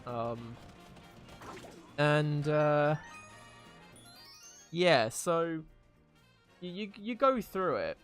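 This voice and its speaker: A man's voice: fairly high pitch, lively intonation, extremely slow, pauses often, faint music behind. A man streaming a video game and chatting casually, rambling with many fillers and restarts. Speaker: live streamer. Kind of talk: casual gameplay chat.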